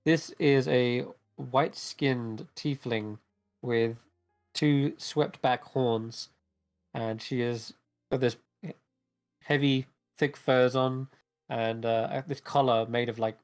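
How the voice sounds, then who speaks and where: Casual game-master man narrating. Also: medium pitch. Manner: casual, rambling with fillers.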